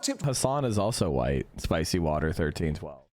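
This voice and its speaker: A man's voice: low voice, sing-song, normal speed, darkish tone, no echo. A young man streaming, ranting emphatically and profanely and answering chat. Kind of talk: casual livestream commentary.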